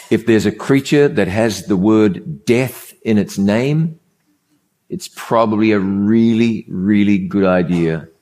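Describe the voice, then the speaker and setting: A man's voice: fairly low pitch, a little mellow. A man preaching a sermon, telling a story in an emphatic way and repeating key phrases for effect.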